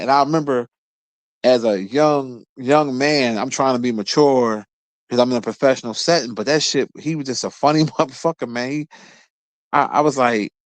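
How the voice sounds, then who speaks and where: Profane Philadelphia man telling stories. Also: no room sound. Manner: profane, laughing storyteller, lively bursts of pitch. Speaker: podcast host. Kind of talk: casual storytelling.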